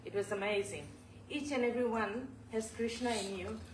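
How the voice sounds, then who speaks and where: A woman giving a heartfelt homage in a temple hall, speaking haltingly and apologetically, moved to tears. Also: a little high. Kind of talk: emotional spoken tribute. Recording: echoey hall, voice from far off, clear background noise.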